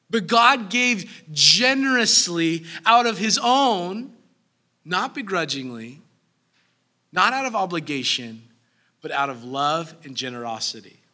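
A man in his thirties preaching a sermon as pastor, animated, breaking into acted asides. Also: high-pitched.

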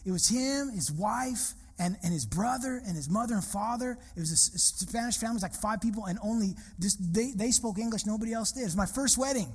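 A male pastor preaching, his voice pitched high and slightly husky. He talks in a relaxed, storytelling way that builds with emphasis and repeats his phrases. The sound carries a long hall reverb, like a sanctuary. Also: a little fast, hardly any pauses. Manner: animated, conversational, repeats phrases while telling a story. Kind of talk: sermon with personal storytelling.

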